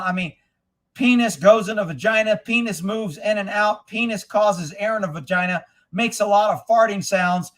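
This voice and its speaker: High-voiced guy on a livestream swearing and mocking, yells sometimes, laughs at clips in disbelief. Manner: profane, mocking, bursts into shouting. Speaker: livestream host. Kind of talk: angry political commentary.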